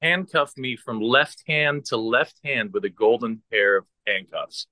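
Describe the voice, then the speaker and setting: A man's voice: medium pitch, expressive, unhurried, bright, forceful tone, dry recording. A man calling into a live video call, telling a personal story in a hesitant, earnest way. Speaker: caller.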